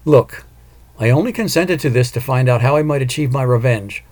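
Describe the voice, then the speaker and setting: A man's voice: mid-range voice, brisk, darkish tone, close to an everyday voice. Man voicing a curt, vengeful woman ghost. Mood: impatient. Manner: curt, impatient, demanding. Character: angry vengeful female ghost, young woman.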